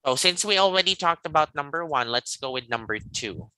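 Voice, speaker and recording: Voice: mid-range voice, lively intonation, brisk, bright, forceful tone, no room sound, poor audio. An English teacher leading a live online lesson, patient and guiding, checking in often with "okay" and "all right.".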